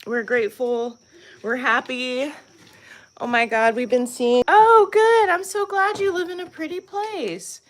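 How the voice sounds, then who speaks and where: A woman with a high voice hosts a casual live vlog from her off-grid homestead. She talks slowly and chattily to her viewers, calling them y'all as she walks around the cabin with the camera. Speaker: vlogger, homestead channel co-host.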